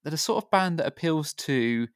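A man co-hosting a casual music podcast, speaking in a thoughtful, measured way with some hedging fillers. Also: a little high, animated, smooth, no room sound, studio quality. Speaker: podcast co-host.

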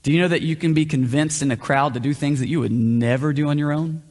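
A man's voice: a little high, quick pace, darkish tone. A male pastor preaching a conversational sermon, often asking the room questions. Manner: conversational, asks the room questions, varies pace. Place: church hall. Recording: long reverb of a hall.

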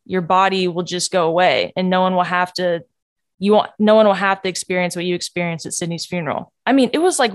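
A woman hosting a podcast, telling a personal faith story in an earnest, candid way that often drops to a hush. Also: fairly low pitch, dry recording, clean studio sound. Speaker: podcast host.

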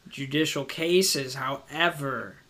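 A man's voice: mid-range voice, slow, pushed and bright. A man co-hosting a podcast in casual chat, talking hesitantly because he has the hiccups. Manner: hesitant, restarts over his sentences. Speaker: podcast co-host.

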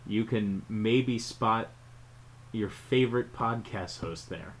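Low-voiced, laid-back podcast co-host man. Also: takes it slowly, low-quality recording. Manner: laid-back, rambling, playful. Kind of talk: casual chat.

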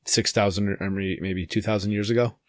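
A man's voice: lowish voice, steady tone, brisk, background noise. A man co-hosting a casual podcast, chatting in a rambling way with frequent restarts. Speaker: podcast co-host. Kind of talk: casual chat. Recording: self-recorded podcast.

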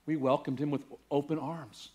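A man's voice: on the high side, flat delivery, normal speed, a little mellow. A male pastor preaching a sermon, telling a story casually and building to emphatic preaching. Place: church.

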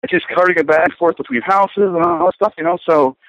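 A man's voice: sits high, steady tone, fast, a bit bright, dry recording. A middle-aged man talking casually, rambling and hesitant, with many fillers and restarts. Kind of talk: casual conversation. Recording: dull lo-fi sound.

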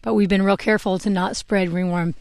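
A woman's voice: medium pitch, fairly even intonation, brisk, darkish tone, dry recording. A young adult woman chatting casually while grooming her horse, rambling a little and laughing at her own slips. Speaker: horse owner and vlogger. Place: outdoors with a horse. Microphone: clip-on microphone.

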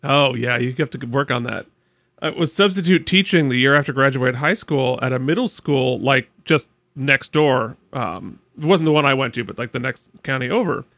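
A man co-hosting a podcast, chatting casually with animated, joking asides. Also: mid-range voice, moderate pace, no room sound. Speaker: podcast co-host. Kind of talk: casual chat reacting to a TV show.

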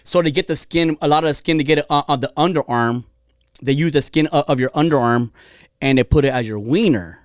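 A man's voice: on the high side, fairly quick, no room sound, clean studio sound. A man hosting a casual podcast, telling a crude story with lots of joking. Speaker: podcast host.

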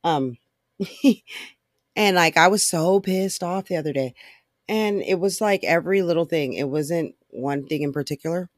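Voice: mid-range voice, no room sound, clean studio sound. A podcast host ranting alone in blunt, profane, frustrated talk full of fillers. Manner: fast talker. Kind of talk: casual solo rant.

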